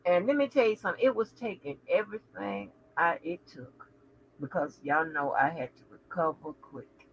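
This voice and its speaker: A woman hosting a casual livestream, chatting with viewers in a sassy, profane way full of animated asides. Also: on the low side, normal speed, gravelly, highs cut off, slight background noise. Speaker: channel host.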